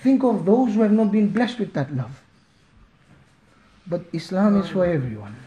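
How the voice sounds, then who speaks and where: Impassioned preacher, high voice, echoey mosque. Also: male voice, animated, moderate pace, highs cut off. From Malawi. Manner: impassioned, pleading, rises to near shouting. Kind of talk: emotional Friday sermon.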